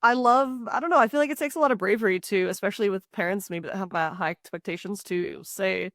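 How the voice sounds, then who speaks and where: Woman host, mid-range, earnest and supportive, halting phrasing; dry close mic. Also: medium pitch, fairly bright tone, no echo. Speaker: podcast host. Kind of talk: casual interview.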